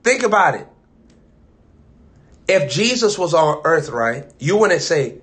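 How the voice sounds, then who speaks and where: An American man preaching a sermon, chanting and repeating phrases, swinging from loud to soft. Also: a little high, very animated, moderate pace, pauses often.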